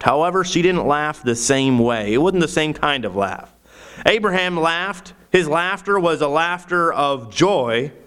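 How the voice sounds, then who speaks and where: Male pastor, sermon delivery, slightly higher voice, reads scripture then preaches with rising fervor. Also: fairly bright tone. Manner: many restarts and fillers.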